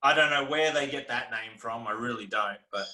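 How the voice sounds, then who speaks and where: A man's voice: mid-range voice, brisk, bright, forceful tone. An Australian man chatting casually over a video call, easygoing and rambling, laughing often. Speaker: guest.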